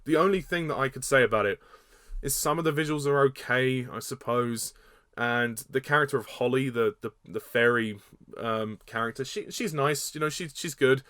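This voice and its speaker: Casting note: male film reviewer, mid-pitch, blunt and halting, dry close sound. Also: fairly bright tone, dry recording. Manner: blunt, hesitant with fillers and repeats, laughs at own jabs. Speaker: movie reviewer. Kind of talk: casual spoken film review.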